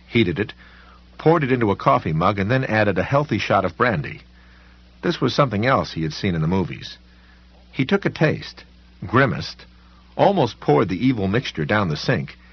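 Deep husky male audiobook narrator. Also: dull audio. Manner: expressive, dramatic reading.

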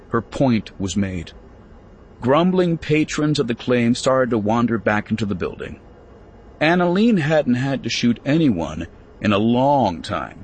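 Here a man with a mid-range voice narrates a novel from a script, measured yet expressive as he tells the story. There's a slight amount of background noise behind this audiobook reading.

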